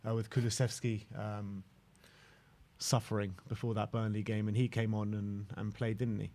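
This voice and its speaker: Brief: relaxed, chatty male host who introduces callers. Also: on the low side, normal speed. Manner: laid-back, friendly, chatty. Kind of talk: casual fan chat.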